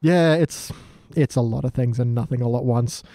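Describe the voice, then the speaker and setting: Jokey man recapping scenes, warm voice. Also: medium pitch, no echo, studio quality. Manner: jokey, recaps scenes with quick impressions of characters. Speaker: podcast co-host. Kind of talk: casual podcast chat.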